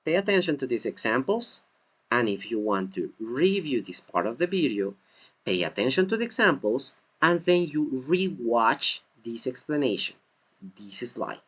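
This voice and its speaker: A man teaching an English grammar lesson from slides, speaking slowly and deliberately and repeating key phrases. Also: medium pitch, very animated, a bit bright, slightly rough. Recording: dull lo-fi recording.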